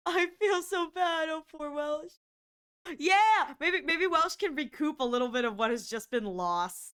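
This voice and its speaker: A woman live-streaming, chatting casually to her viewers with excitable exclamations and frequent giggles. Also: high voice, a little slow.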